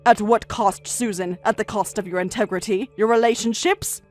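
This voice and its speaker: Faint music plays as a woman performs the part of a calm, firm older grandmother in a narrated tale. She speaks at a medium pitch in a steady, measured way, acting it lightly.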